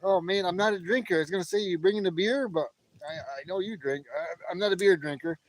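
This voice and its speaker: A man's voice: sits high, quick pace, slight background noise, poor audio. A cheerful, chatty man hosting a casual livestream outdoors at his backyard fire pit at night, greeting viewers by name and laughing often. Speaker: livestream host. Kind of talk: casual live-stream chat. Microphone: camera on a tripod.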